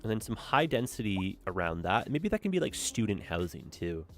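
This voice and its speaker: Chatty gravelly young man playing a game. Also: fairly low pitch, very animated, moderate pace, soft background music. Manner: chatty, upbeat, tag questions with "eh". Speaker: gaming streamer. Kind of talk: casual let's-play commentary.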